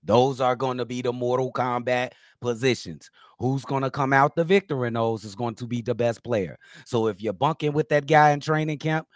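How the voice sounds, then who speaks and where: A man co-hosting a podcast, relaxed and joking, with slangy talk. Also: mid-range voice, normal speed, few pauses, dry recording, studio quality. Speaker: podcast co-host. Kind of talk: casual podcast chat.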